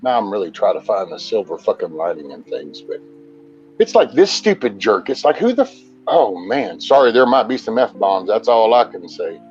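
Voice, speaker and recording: A man's voice: on the low side, big pitch swings, moderate pace, darkish tone. Man, angry profane rant, slightly dull lo-fi sound, faint music. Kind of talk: casual chat.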